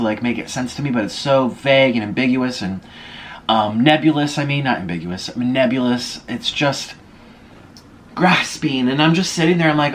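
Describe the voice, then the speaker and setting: A young man at a table at home talks to his camera in a loose, rambling way, stopping now and then to eat. His voice sits at an ordinary middle pitch, with a faint hiss in the background. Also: a bit bright. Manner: chatty, rambling, with chewing and food noises between stories. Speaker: vlogger. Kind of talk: casual storytelling while eating on camera. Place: home room, sitting at a table.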